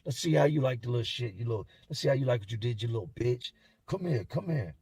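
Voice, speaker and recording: A man voicing a violent male inmate who spits out quick, snarling threats. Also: mid-range voice, expressive, a little mellow, breathy edge, no echo, far from the mic. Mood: enraged. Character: violent adult male inmate, menacing and vicious.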